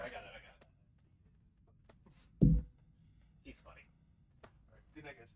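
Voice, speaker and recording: Man, game streamer, casual banter, lively swooping pitch, slightly high voice, sudden yelps, faint background noise. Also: unhurried, pauses often, dull audio. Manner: animated, joking, swearing, sudden yelps. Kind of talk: casual gaming stream commentary.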